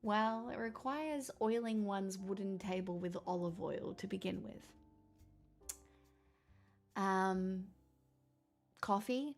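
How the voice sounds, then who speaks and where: A woman's voice: mid-range voice, slow pace, long pauses, faint music behind. A woman livestreamer in casual chat, reading viewers' comments aloud and answering them in a playful, teasing way.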